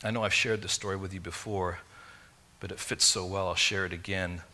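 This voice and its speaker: A man from England, preaching a sermon in an animated, conversational storytelling way. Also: low-pitched, a little fast. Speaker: pastor.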